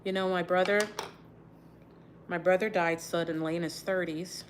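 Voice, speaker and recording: A woman's voice: lowish voice, fairly even intonation, normal speed, a little hiss or hum. Grieving woman sighing through a livestream. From Texas. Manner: sighing often, subdued and grieving, talks while twisting her braids. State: holding back tears. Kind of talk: casual livestream chat while doing her hair.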